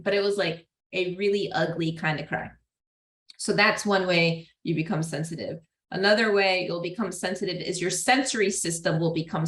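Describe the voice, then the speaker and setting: A woman gives a casual psychology lecture to a class in a fairly low, slightly bright voice at a moderate pace. She's chatty, laughing often and using lots of fillers. Classroom echo fills the room.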